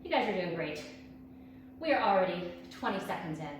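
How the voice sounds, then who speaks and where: A woman's voice: fairly low pitch, lively intonation, a little fast, slight background noise. A woman fitness instructor leading a workout, upbeat and out of breath as she counts reps and coaches. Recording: echoey room, distant mic.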